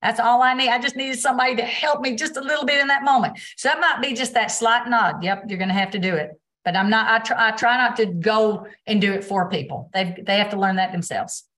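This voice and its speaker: A woman's voice: on the high side, brisk, few pauses. A woman, a basketball official, answering interview questions on a video call and acting out what she says on court. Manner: animated storytelling, acts out quotes.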